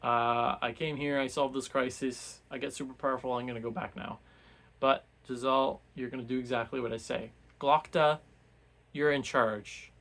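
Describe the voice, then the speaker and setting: A man's voice: mid-range voice, steady tone, normal speed, gravelly. Give me a man doing a gloating, all-powerful old wizard who barks orders. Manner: loud, gloating, bossy.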